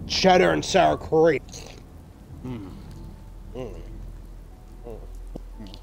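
A man's voice: mid-range voice, very animated, very slow, gravelly, long pauses, a little hiss or hum. A man giving crude, swaggering gameplay commentary while role-playing a greedy landlord, swearing constantly. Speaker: gaming YouTuber.

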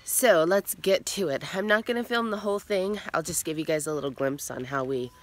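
A woman's voice: sits low, fairly quick, background noise. A woman vlogging outdoors on her farm on a foggy morning, a bit winded from carrying a heavy grain bag, talking with enthusiasm. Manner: enthusiastic, lively, a little breathless. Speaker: homesteader vlogger. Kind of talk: casual outdoor vlog narration.

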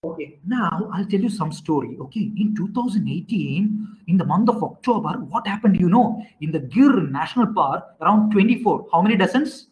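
A man teaching an online class, quizzing students and often repeating himself with halting restarts. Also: high-pitched, animated, darkish tone, rough recording.

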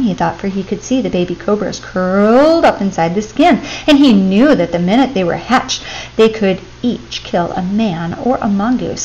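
A woman reading a classic children's story aloud as a storyteller, with expressive, steady pacing. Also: medium pitch, a little hiss or hum, rough recording.

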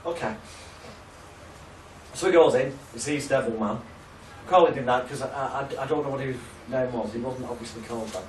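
A man's voice: medium pitch, moderate pace, reverberant, far from the mic, slight background noise, poor audio. A man teaching a hypnotherapy class in a loose, chatty storytelling way, swearing freely and laughing at his own stories. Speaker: hypnotherapy trainer. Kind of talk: casual storytelling lecture.

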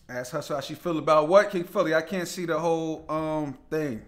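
Casual, slightly high-voiced male livestream host. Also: a little slow, long pauses. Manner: loose, talkative, greets viewers by name, laughs easily. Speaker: live show host. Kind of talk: casual livestream chat reading viewer comments.

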